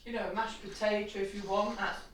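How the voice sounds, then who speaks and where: A soft-spoken woman chatting matter-of-factly at home, heard from away from the microphone. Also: medium pitch, level tone, a little fast, heavy reverb, distant mic, slight background noise, low-quality recording. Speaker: host's wife. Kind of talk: casual chat. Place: home kitchen, away from the mic.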